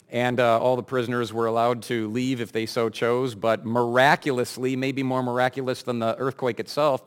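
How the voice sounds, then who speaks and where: Man preaching a conversational, emphatic sermon. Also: mid-range voice. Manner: conversational, emphatic, with wry asides to the congregation. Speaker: pastor. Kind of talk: expository sermon.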